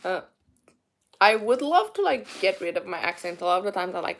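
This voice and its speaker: A woman's voice: medium pitch, sing-song, a little fast. A young woman from Romania with a mixed Romanian accent, chatting candidly to viewers in a rambling way with many fillers. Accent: Romanian, mixed with British and Irish. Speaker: vlogger. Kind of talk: casual eat-with-me chat answering viewers.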